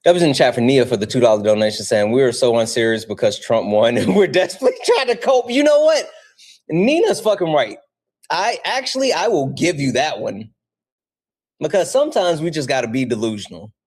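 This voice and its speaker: A man's voice: medium pitch, a little fast. A young man hosting a livestream, chatting casually with his viewers, reading out donations and swearing freely. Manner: animated, swears casually, talks straight to chat. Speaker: livestream host.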